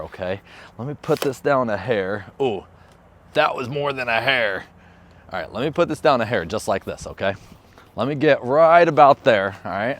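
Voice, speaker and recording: A man talking casually in a how-to vlog, upbeat and chatty, switching to short firm commands for his dog. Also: mid-range voice. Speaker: vlogger and dog trainer. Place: outdoors training a dog.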